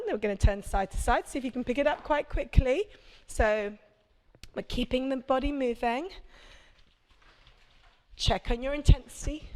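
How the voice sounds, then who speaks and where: A woman's voice: fairly high pitch, creaky, darkish tone. A woman, a prenatal fitness instructor, coaching a live workout class with chatty, encouraging cues and check-ins.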